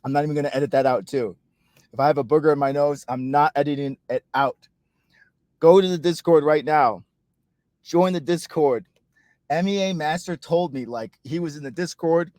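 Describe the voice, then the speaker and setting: A man's voice: mid-range voice, no echo. Joking, rambling man vlogging from car. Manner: rambling, jokey, self-mocking. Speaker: cricket channel host. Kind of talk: casual vlog chat. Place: inside a car.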